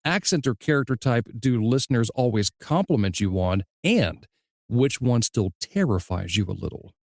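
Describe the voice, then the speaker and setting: An easygoing male podcast host with a faint Southern US accent, speaking at a middling pitch. He tells stories and asks his questions in a measured, relaxed way. The sound is dry and close, with no room around it. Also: dry recording. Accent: slight Southern US. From Southern United States. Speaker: podcast host and audiobook narrator. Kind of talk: casual interview chat.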